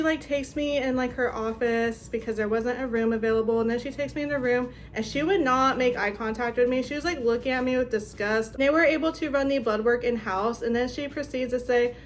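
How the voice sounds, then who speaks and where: A woman's voice: on the high side, brisk, slight background noise. A young woman vlogger telling a story in a casual, chatty way, filling her talk with "like". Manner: chatty, lots of "like", animated retelling.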